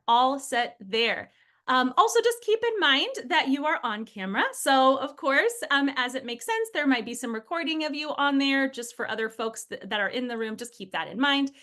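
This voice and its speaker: An enthusiastic woman from Michigan hosts a live online webinar, her voice high and bright. She talks with bubbly energy over a video call, calling out attendees by name. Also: lively intonation, moderate pace. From Michigan, USA. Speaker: webinar host. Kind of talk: upbeat live webinar hosting.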